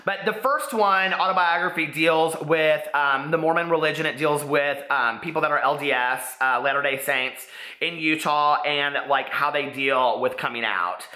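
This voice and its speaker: A man's voice: on the high side, moderate pace, sharp tone. A man, chatting casually about books he's read, gushing and full of "like"s. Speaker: booktube host. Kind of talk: casual book review vlog. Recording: echoey room.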